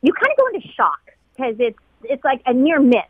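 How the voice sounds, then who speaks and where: A woman's voice: high voice, fairly quick, breathy edge, no room sound. Middle-aged woman, emotional recollection, dry close sound, dull lo-fi audio. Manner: heartfelt, quotes others in lively voices. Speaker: flight attendant guest.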